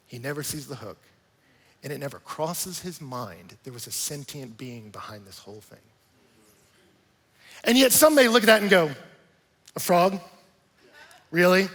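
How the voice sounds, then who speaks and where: Male pastor, sermon voice, high-pitched and husky, big echoing church hall, lively conversational delivery. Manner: animated, conversational preaching with playful asides. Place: large church auditorium.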